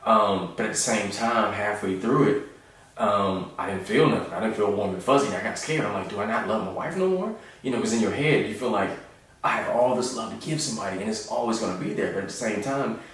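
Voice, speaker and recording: Comedian guy in his 30s just riffing, kinda low voice, super echoey room, sounds far from the mic. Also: fairly quick, fairly bright tone. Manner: laid-back, joking, acts out voices in his stories. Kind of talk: casual storytelling monologue.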